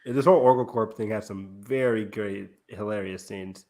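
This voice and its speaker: A man's voice: on the low side, moderate pace, darkish tone. A man hosting a casual film review podcast, retelling scenes with lots of laughter and fillers. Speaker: podcast host.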